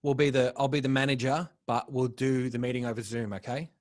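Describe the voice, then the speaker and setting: A man's voice: mid-range voice, level tone, fairly quick, no room sound. A young man co-hosting a podcast in casual chat, rambling and laid-back, swearing freely. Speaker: podcast co-host.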